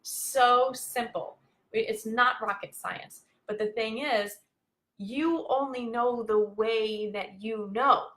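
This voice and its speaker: A woman's voice: on the high side, takes it slowly, fairly bright tone. A woman life coach talking live to her viewers in a bubbly, chatty way, with many fillers. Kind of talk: live-streamed coaching talk.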